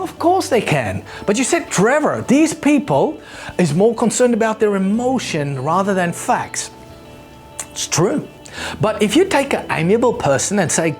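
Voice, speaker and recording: A man teaching a sales lesson, animated, acting out the people he quotes and repeating words as he thinks aloud. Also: high voice. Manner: animated, acts out quoted people in raised voices. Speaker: sales trainer. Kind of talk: presenting a lesson.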